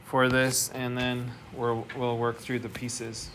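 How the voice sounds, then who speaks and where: A man's voice: mid-range voice, monotone, takes it slowly, a bit bright. A man teaching a math class, explaining step by step and asking the students questions. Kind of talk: classroom lecture. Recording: noisy classroom recording.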